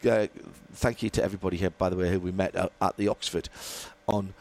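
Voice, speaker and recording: A man hosts a motorsport podcast with a somewhat low voice. He chats casually and rambles, trailing off and restarting his sentences. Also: level tone, quick pace, darkish tone. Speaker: host. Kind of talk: casual radio podcast chat.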